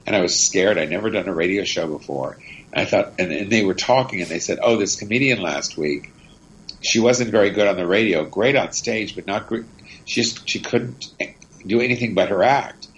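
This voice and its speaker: A man's voice: on the low side, normal speed, low-quality recording. A middle-aged man, a comedian and actor, telling chatty, rambling anecdotes in an interview. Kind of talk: casual interview storytelling.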